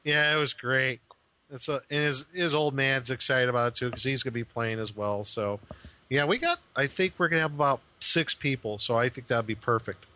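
A middle-aged man co-hosting a gaming podcast in casual chat, animated and playful. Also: medium pitch, fairly quick. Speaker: podcast co-host.

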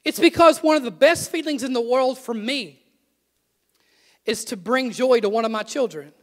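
An earnest middle-aged man delivers a sermon, pressing his listeners with direct questions. His voice sits very high for a man. It rings out with a long echo through a church hall. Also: moderate pace. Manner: earnest, emphatic preaching with rhetorical questions. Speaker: pastor. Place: church sanctuary.

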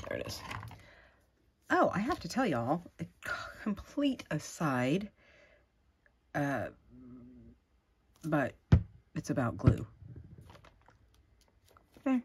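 Gushing woman, low voice. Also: slow pace, long pauses, heavy background noise. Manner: gushing, easily excited, chatty with asides. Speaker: crafting vlogger. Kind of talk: casual unboxing chat.

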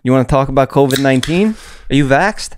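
A man's voice: medium pitch, expressive, a little hiss or hum. A man hosting a podcast, bantering and joking with a guest. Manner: joking, fast, profane banter. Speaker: podcast host. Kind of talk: casual podcast chat.

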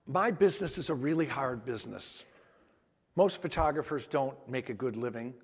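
A man on stage at a conference, telling heartfelt stories in an emphatic storytelling style and acting out the quoted dialogue. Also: medium pitch. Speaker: conference speaker. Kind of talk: storytelling keynote talk. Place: large conference hall. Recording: long hall reverb.

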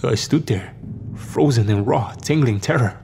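A man narrating a scripted horror story in a steady, measured way. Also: medium pitch, creaky, background noise.

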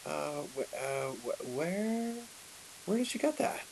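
A man putting on a young Roman woman who turns from suspicion to fury. The voice lifts well above his own, and stretches of it sink into a breathy hush. A faint hiss sits under the recording. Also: on the high side, sing-song, takes it slowly, voice pushed up, full character voice, low-quality recording. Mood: suspicious.

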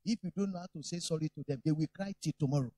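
A man's voice: on the high side, rapid-fire, dark tone, no echo, voice pushed down, close to an everyday voice. Stern commanding dad, a man acting him out, dry close sound. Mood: instructive. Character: stern father instructing his son.

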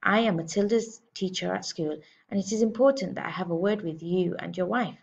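A woman's voice: fairly low pitch, brisk, gravelly, darkish tone, lo-fi sound. A woman reading a storybook aloud, voicing a polite but firm young schoolteacher. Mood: earnest.

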